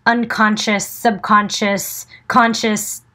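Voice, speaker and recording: A woman's voice: medium pitch, level tone, takes it slowly, sharp tone. A woman co-hosting a podcast, responding eagerly to her guest in a casual interview. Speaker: podcast co-host.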